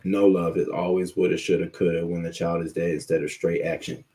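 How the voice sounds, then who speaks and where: A man hosting a live news commentary stream rants heatedly and profanely, restarting often as he reacts to his chat. His voice is low and warm with a level tone, and he talks a little fast.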